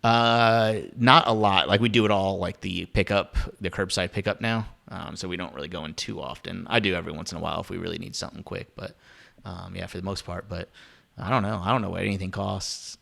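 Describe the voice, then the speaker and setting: A man's voice: deep voice, fairly even intonation, fairly quick, creaky, a bit bright. A man hosting a podcast, chatting casually in a rambling, self-deprecating way with lots of fillers. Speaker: podcast host. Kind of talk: casual chat.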